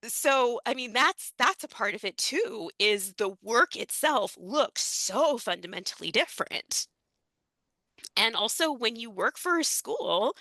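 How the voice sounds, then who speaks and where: A woman guest on a podcast, an educational interpreter, explaining her work in an animated, emphatic way with frequent laughs. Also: medium pitch, dry recording. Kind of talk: casual podcast conversation.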